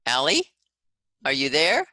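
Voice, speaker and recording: Woman host, encouraging, low and bright, dry call audio. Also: wildly swooping pitch, unhurried, no echo. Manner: encouraging, affirming. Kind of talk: hosting a video call. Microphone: video call.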